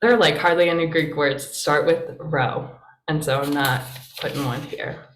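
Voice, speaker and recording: A woman's voice: low-pitched, moderate pace, background noise. A woman pastor teaching a casual class, chatty and encouraging, with plenty of fillers. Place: church meeting room. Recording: roomy echo.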